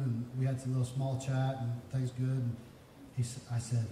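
A man's voice: mid-range voice, flat delivery, normal speed, dark tone. A man in his fifties preaching a sermon in a church, telling folksy stories and building to emphatic peaks. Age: 50s. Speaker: pastor. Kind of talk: sermon with personal storytelling. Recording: echoey hall, distant mic, faint noise.

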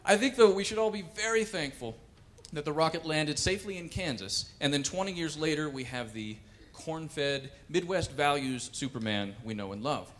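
A man performing wry, animated stand-up comedy on a cultural center stage. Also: fairly high pitch, normal speed, few pauses. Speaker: comedian and pianist.

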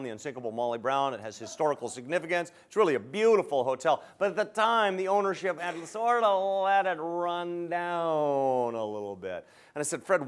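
Older man, sales trainer, animated storyteller, slightly high voice. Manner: animated, acts out both sides of phone calls.

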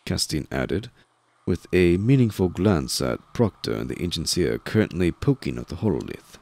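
A man narrating a first-person audiobook in a dry, measured storytelling manner. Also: deep voice, huge pitch swings, vocal fry, darkish tone, no echo.

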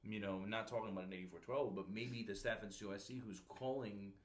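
A man's voice: fairly low pitch, fairly even intonation, fast. A man hosting a podcast and telling a recruiting story in a casual, slangy way, calling people bro and dude. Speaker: podcast host, Marine recruiter.

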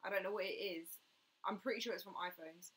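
A woman's voice: mid-range voice, fast, fairly bright tone. A young woman hosting a casual fitness live stream, chatting and answering viewer comments with lots of "like" and "mate".

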